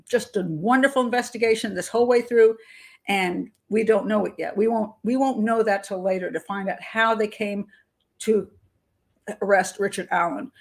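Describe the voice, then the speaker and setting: An older woman hosting her channel, giving frank, opinionated commentary on a criminal investigation. She talks through restarts and laughs between points. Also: mid-range voice. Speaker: criminal profiler, channel host. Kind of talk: casual commentary monologue.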